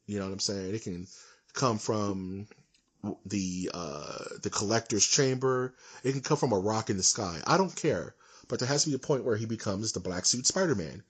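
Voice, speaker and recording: A man's voice: on the low side, fairly bright tone, breathy edge. A young man co-hosting a podcast, chatting casually, ranting with animation and laughing often. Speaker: podcast co-host. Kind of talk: casual chat.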